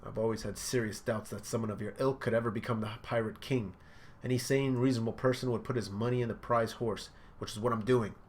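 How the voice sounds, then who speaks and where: A man's voice: lowish voice, fairly even intonation, fast talker, darkish tone, slight background noise, close to an everyday voice. A man reading out the lines of a cold, arrogant young male pirate cook in a scornful tone. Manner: haughty, scornful.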